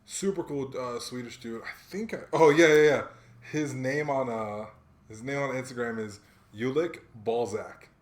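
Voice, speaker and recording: A young man co-hosting a podcast tells stories in casual, slangy chat, speaking at normal speed in a medium-pitched voice. He's an animated storyteller who acts out what people said, and the room sounds echoey.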